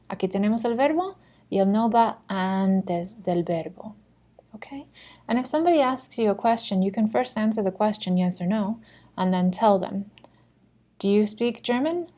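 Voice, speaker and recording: A woman's voice: mid-range voice, warm tone. A woman teaching a Spanish lesson. She explains patiently in English, models Spanish phrases, and corrects herself as she goes. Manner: self-correcting, conversational. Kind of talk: recorded lesson lecture.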